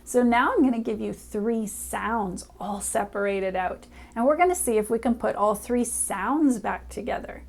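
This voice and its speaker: A woman reading teacher speaks straight to a small child in a bright, encouraging lesson voice, sounding out each letter slowly and clearly. Her voice sits a little high, with a gravelly fry at the ends of phrases.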